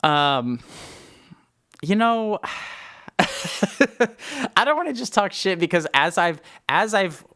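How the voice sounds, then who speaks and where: A man's voice: sits high, big pitch swings, slow, pauses often, bright, forceful tone, no echo. Chatty opinionated man on a dry mic. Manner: chatty, opinionated, laughs often, self-described film snob. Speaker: podcast co-host. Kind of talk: casual movie chat.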